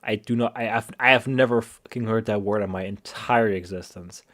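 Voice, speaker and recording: A man's voice: fairly low pitch, normal speed, fairly bright tone. A man from Germany, rambling and swearing in casual game-stream commentary. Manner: rambling and profane, many restarts. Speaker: gamer streamer. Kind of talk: let's play commentary.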